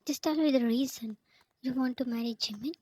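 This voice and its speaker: A woman's voice: sits high, fairly quick, mellow, breathy edge, poor audio. Woman reading as a possessive young mafia man. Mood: stern.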